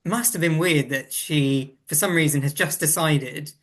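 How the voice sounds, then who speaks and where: A man's voice: a little high, measured pace, fairly bright tone. A Welsh man co-hosting a podcast, thinking aloud in casual chat with frequent restarts. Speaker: guest co-host.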